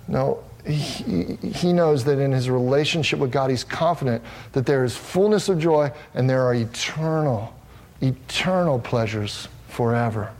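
A man's voice: fairly high pitch, animated, unhurried, darkish tone. A man preaching a sermon, earnest and emphatic, often restarting his phrases as he works through a psalm verse by verse. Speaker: pastor.

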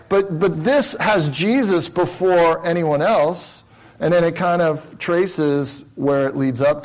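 In a low-quality recording, a man with a higher-leaning voice preaches a sermon that teaches the Bible by explaining it. As a pastor, he frequently asks rhetorical questions and eases into a slower, quieter delivery for important phrases.

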